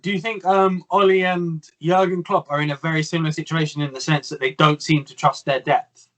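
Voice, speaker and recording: Measured young football pundit. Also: male voice, fairly high pitch, level tone, a bit bright, poor audio. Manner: measured, analytical, exasperated. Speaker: co-host. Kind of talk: casual football chat.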